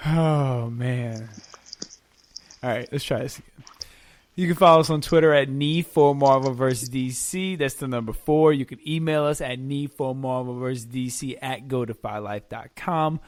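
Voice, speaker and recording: A man co-hosting a podcast in casual chat, animated and teasing, reading out the show's plugs. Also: medium pitch, moderate pace, no echo. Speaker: podcast co-host.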